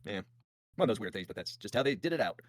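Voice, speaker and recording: A man's voice: on the low side, no room sound. A man hosting a podcast, telling a history story in casual chat with jokey voiced asides. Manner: fast, animated, jokey retelling with voiced asides. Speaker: podcast host.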